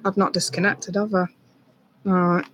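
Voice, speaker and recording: A tarot reader on a live stream, talking softly and reassuringly to a viewer, with many ums and restarts. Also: medium pitch, little pitch movement, moderate pace, slight background noise.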